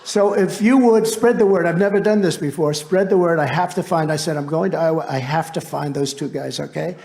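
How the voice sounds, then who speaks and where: A man's voice: sits high, a little mellow. A man who is a political candidate, giving a campaign rally speech in a rambling, boastful way with asides to the crowd.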